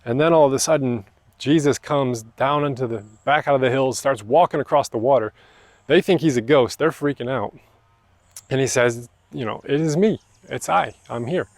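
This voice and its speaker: A man's voice: medium pitch, normal speed, no room sound. A man preaching a sermon as pastor, in a casual, conversational way with slangy asides. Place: church.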